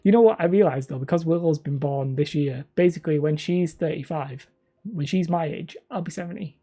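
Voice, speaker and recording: Husky, mellow-voiced man in his thirties. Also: fairly high pitch, a little fast. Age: 30s. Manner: rambling, self-mocking, chuckling. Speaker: hobby terrain channel host. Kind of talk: casual live-stream chat with viewers.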